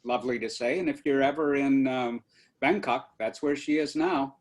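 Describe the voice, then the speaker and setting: A man's voice: mid-range voice, moderate pace. A man, a former host father, chatting casually and fondly at a meeting, with plenty of fillers.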